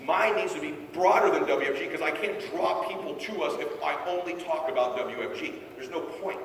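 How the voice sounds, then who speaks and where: A man's voice: fairly high pitch, a little fast, slight background noise. A man giving a brash, pushy motivational talk to a sales team onstage, often asking the crowd if they are following. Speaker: motivational speaker. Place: large hall, stage at a live event. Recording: very echoey hall, voice from far off.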